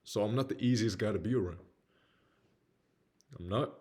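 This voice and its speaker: A man's voice: lowish voice, normal speed, dark tone, husky. A young man with a Southern US accent giving a blunt, candid motivational talk about his own life. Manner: blunt, slangy, peppered with "man". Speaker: motivational speaker.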